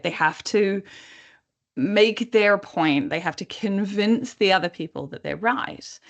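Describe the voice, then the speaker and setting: A woman coach leads a workplace webinar in a slightly low voice. She talks conversationally and keeps checking in with her listeners. She often slips into acted-out snippets of dialogue. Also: creaky. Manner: lively, acts out quoted dialogue. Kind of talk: webinar teaching.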